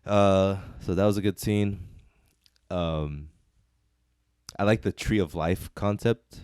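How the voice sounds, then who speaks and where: A man's voice: sits low, takes it slowly, darkish tone, smooth, no room sound, studio quality. A man co-hosting a casual movie review chat, laughing often and restarting his sentences. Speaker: podcast co-host.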